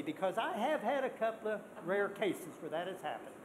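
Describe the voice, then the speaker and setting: Older man, high-pitched voice, eager acceptance speech, long hall reverb. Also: fairly quick, slight background noise. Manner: excitable, earnest, repeats words for emphasis. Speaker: award honoree giving an acceptance speech.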